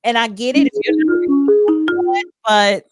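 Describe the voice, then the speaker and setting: A woman's voice: fairly high pitch, lively intonation, unhurried, soft background music. A woman co-hosting a talk show, chatting in a casual way and often restarting her sentences. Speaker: co-host.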